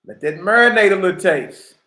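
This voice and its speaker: A man's voice: sits high, expressive, a little fast, bright, forceful tone, echoey room. A man giving casual commentary that turns into preaching, speaking in slang and firing off emphatic rhetorical questions. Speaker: online commentator and religious teacher.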